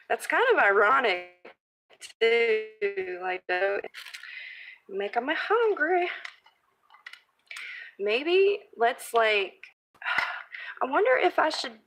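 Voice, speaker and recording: A woman's voice: on the high side, fairly bright tone. A woman crafting vlogger chatting casually as she works and thinks aloud, reading viewer comments. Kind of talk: casual live-stream crafting chat.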